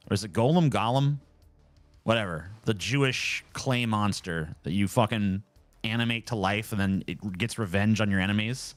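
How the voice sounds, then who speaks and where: A man's voice: fairly low pitch, dry recording. A man streaming live from home, chatting casually and ranting with lots of swearing. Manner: animated, profane, ranting.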